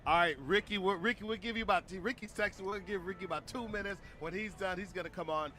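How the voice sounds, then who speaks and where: A man's voice: sits high, fairly even intonation, quick pace, bright, forceful tone. Upbeat man from Missouri hosting outdoors. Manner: upbeat, laughs often, thanks sponsors. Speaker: livestream host. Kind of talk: casual outdoor livestream chat. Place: outdoor tailgate area beside a stadium.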